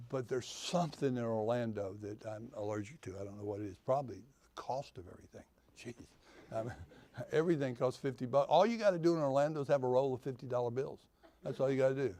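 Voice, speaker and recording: A man talks to a conference audience about the real estate business. His voice has a gravelly, creaky edge at a middle pitch, and he tells homespun stories with dry humor, driving his points home by repeating them. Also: mellow. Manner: storytelling, homespun humor, repeats key phrases. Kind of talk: folksy motivational talk to an audience. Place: conference venue.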